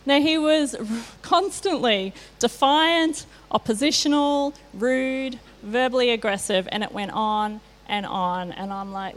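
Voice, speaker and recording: A woman's voice: on the high side, measured pace, hardly any pauses. A middle-aged woman giving a sermon, telling candid personal stories with self-mocking asides. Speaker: church speaker.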